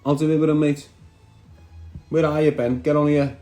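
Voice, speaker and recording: A man's voice: a little high, flat delivery, moderate pace, dark tone, soft background music. Brash man on a live stream. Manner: brash, chatty, reads out viewer comments. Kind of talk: casual live stream chat.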